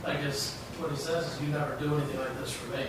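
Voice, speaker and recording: A man's voice: a little high, fairly even intonation, fast talker, background noise. Tentative man across an echoey room. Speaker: class participant. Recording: distant mic in echoey room.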